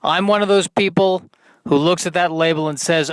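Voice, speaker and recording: Deadpan man with smooth, dry voice. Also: fairly high pitch, normal speed, no room sound. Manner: deadpan, self-deprecating, rambling asides. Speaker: podcast host. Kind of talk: solo comedic monologue.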